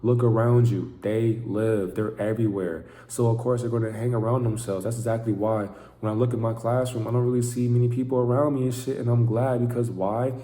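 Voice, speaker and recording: A man's voice: mid-range voice, steady tone, a little fast, few pauses, dark tone, echoey room. A man giving an intense, profane, preaching monologue to camera as a vlogger.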